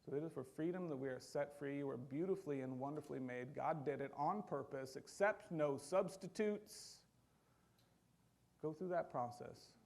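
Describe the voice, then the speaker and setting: A pastor preaches in church at a moderate pace, his gravelly voice touched with fry and a little high for a man. His sermon is loose and conversational, and he animatedly acts out short quotes.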